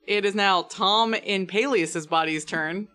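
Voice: mid-range voice, a little slow, pushed and bright. A game master running a tabletop game in a casual, playful way. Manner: casual, playful, easily amused.

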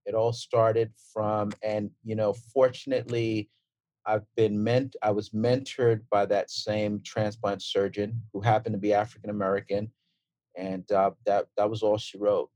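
A man in his forties from Brooklyn with a Brooklyn accent, a transplant surgeon talking as a guest in a relaxed, storytelling way with fillers and restarts. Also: lowish voice, unhurried, dry recording. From Brooklyn, New York. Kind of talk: casual interview talk.

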